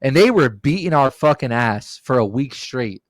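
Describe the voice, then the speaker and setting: Profane, animated man telling stories. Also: mid-range voice, moderate pace, dry recording. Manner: animated, profane, acts out quotes. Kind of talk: casual storytelling chat.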